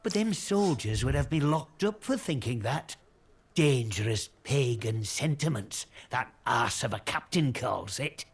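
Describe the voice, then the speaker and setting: Husky English villager for a game, cagey and prying, slow with a lilting swing. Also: male voice, mid-range voice, animated. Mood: impassioned. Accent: British English. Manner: defiant, prying, rambling. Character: suspicious middle-aged male English villager, cagey. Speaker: game character.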